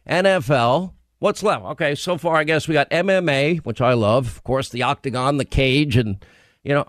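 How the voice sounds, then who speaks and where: A man's voice: a little high, no echo, studio quality. A man hosting a talk radio show, speaking emphatically and repeating his points for effect. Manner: emphatic, repeats key phrases.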